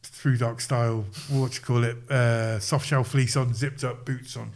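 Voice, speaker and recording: A man guest on a podcast, telling stories in an animated, casual way and acting out quoted voices. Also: medium pitch, unhurried. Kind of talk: casual storytelling.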